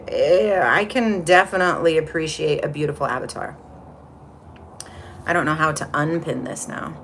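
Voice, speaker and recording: A woman's voice: low-pitched, moderate pace, fairly bright tone, a little hiss or hum. A woman hosting a casual spiritual livestream, chatty and rambling as she greets viewers from the chat. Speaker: livestream host.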